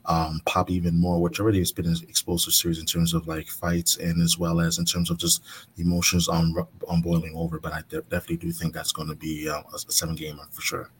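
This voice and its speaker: A man with a very deep, flat voice talks hesitantly through his picks as a podcast guest. He stays soft-spoken, with faint background noise on his line. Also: fast talker. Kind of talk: casual sports chat.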